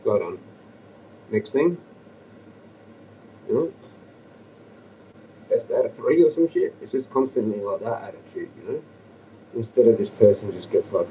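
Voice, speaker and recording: A man's voice: fairly low pitch, a little slow, long pauses, warm tone, distant mic, slight background noise, poor audio. An Australian man rambling and ranting on a livestream, profane and agitated.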